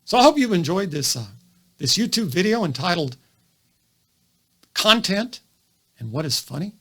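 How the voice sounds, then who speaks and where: Animated, high-voiced male lecturer. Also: moderate pace, husky. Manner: animated, full of rhetorical questions. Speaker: physician lecturing on comedy. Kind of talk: educational video monologue.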